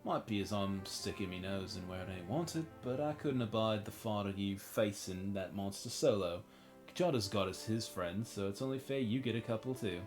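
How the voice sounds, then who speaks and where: A man voicing a loyal male warrior companion in a game, reading the lines in a rough folksy put-on accent. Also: lowish voice, normal speed, a little mellow, soft background music, natural voice. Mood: steady, loyal. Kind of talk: reading game dialogue aloud in character.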